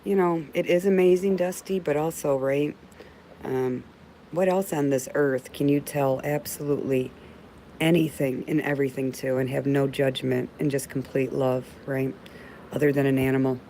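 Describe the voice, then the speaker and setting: This livestream host, a middle-aged woman, chats casually through viewer comments and affectionately calls people babe in a warm, sincere way. She speaks at a normal pace with an extremely deep voice and fairly even intonation. The recording is rough, with slight background noise.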